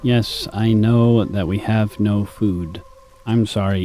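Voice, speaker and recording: A young man giving rambling, deadpan commentary while playing a city-building game, with self-mocking asides. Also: lowish voice, slow pace. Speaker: gaming streamer. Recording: faint music behind.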